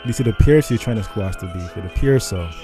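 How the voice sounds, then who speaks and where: A subdued man comments quietly on a video he is watching, speaking casually and without hurry. His voice is dark and mellow. Faint music plays underneath. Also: fairly low pitch, fairly quick.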